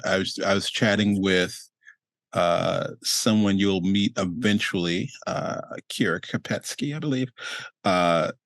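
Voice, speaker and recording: Male host, low voice, casual rambling interviewer, dry sound. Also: no echo. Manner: playful, admiring, rambling.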